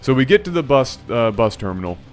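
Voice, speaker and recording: Animated man telling a story. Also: medium pitch, fairly quick, soft background music. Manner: animated, playful, lots of self-corrections. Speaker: channel host. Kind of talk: storytelling vlog.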